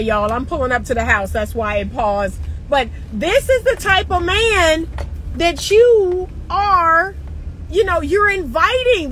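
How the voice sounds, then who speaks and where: Her pitch is extremely high and her tone fairly bright as this relationship coach speaks directly to viewers from her car. The advice monologue is casual and emphatic, with frequent laughter. Slight background noise comes through on a rough recording.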